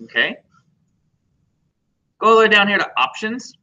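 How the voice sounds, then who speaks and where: A man teaching a computer class, talking in a joking, chatty way and putting questions to the students. His voice is bright and forceful with a slightly raised pitch. The recording is dull and lo-fi. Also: expressive, normal speed.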